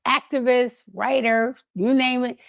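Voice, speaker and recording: An older woman telling lively anecdotes in a casual way, laughing often and acting out what others said. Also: fairly high pitch, a little slow, gravelly, no room sound, dull audio. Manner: animated, laughing, acts out quoted voices. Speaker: guest storyteller.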